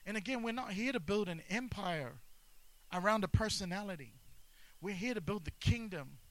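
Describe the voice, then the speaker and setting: A man preaches from the pulpit with emphatic, driving delivery. He hammers key phrases through repetition and slips humor into his intensity. His speaking voice sits fairly high for a man. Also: lively intonation, moderate pace, fairly bright tone, poor audio. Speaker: pastor. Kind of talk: sermon.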